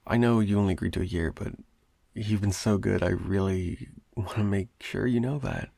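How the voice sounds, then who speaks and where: A man's voice: on the low side, moderate pace, vocal fry, dark tone, no echo. A young man voicing a clingy, obsessive male roommate in an improvised audio roleplay, rambling and stammering with nervous laughs. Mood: fond, coaxing.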